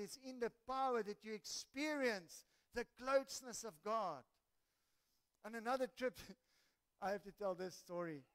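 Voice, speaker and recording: A man preaching a sermon and telling stories, animated and halting, with many restarts. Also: very high-pitched. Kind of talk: sermon with storytelling.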